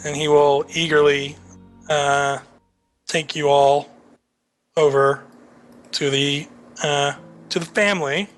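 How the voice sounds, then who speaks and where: A man narrating a tabletop game as game master, relaxed and full of fillers. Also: on the high side, slow, long pauses, faint music behind.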